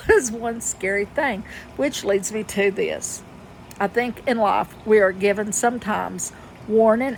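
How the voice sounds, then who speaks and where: A woman vlogger tells a story in a folksy, chatty monologue, laughing often before turning to reflective life advice. Her voice is medium-pitched, and the low-quality recording has slight background noise.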